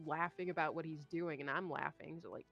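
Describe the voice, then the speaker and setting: A woman's voice: sits low, brisk, vocal fry, highs cut off, soft background music. Swearing young woman telling a story. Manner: animated, swearing, acts out quoted voices. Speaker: streamer. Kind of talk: casual storytelling chat.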